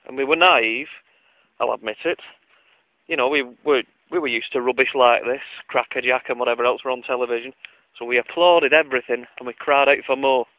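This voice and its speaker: A man's voice: medium pitch, a little fast, dry recording. A man with a mid-range voice spinning a funny childhood tale, wry and prone to wandering off on tangents while poking fun at himself. the recording sounds a little dull and lo-fi. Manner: wry, digressive, self-mocking. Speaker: storyteller. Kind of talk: casual comic storytelling.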